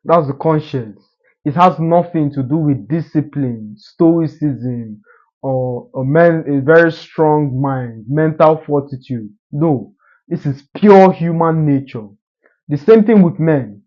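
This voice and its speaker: A man delivers a motivational monologue, assertive and lecturing, driving each point home. His voice sits slightly high. The recording is dull and lo-fi. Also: slow pace. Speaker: social media commentator.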